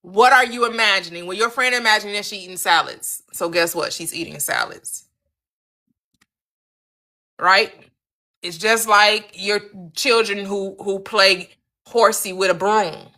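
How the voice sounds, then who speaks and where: At a measured pace and in a medium-pitched, sharp-toned voice, a manifestation coach teaches during her live-stream. She stays animated, addresses viewers by name, repeats questions to underline them, and acts out little quoted scenes.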